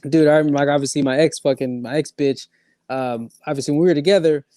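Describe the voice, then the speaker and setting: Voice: medium pitch, brisk, mellow, no room sound. A podcast co-host from Canada, telling stories in slangy, profane casual chat and repeating "bro".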